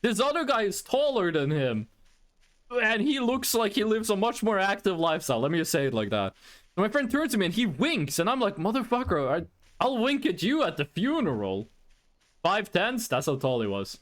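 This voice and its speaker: A man streaming live, telling a profane, animated story in a casual way, with frequent restarts. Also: sits high, fairly quick.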